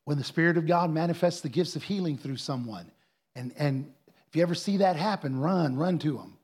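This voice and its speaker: A male pastor preaches in answer to a question. His voice sits a little high for a man. He tells stories earnestly and rises to emphatic peaks. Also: fairly quick, darkish tone, husky.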